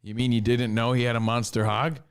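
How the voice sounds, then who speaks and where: A man co-hosting a podcast, chatting casually and telling animated stories with acted quotes. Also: medium pitch, fairly quick, smooth. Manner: animated storytelling, mimics people with shouted quotes. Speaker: podcast co-host. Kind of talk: casual chat.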